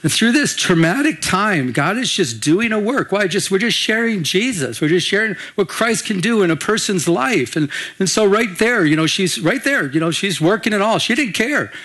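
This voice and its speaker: Older pastor preaching in a chatty way. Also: male voice, sits high, expressive, moderate pace, few pauses, a bit bright. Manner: conversational, repeats and restarts, asks the room for amens. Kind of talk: sermon.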